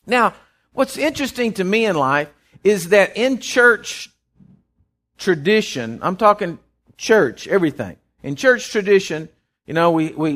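A man's voice: high-pitched, a bit bright. A man preaching a folksy sermon, often repeating words as he goes. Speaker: pastor.

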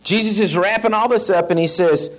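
Preacher guy, pretty high voice, chatty and animated, middle-aged. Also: fairly quick. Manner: folksy, animated, with asides and shouted mock-rants. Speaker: pastor. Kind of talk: sermon.

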